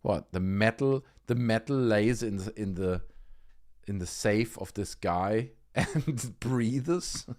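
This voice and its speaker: A man's voice: fairly low pitch, takes it slowly, darkish tone. A man hosting a livestream, giving casual, sarcastic commentary and swearing freely. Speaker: livestream host.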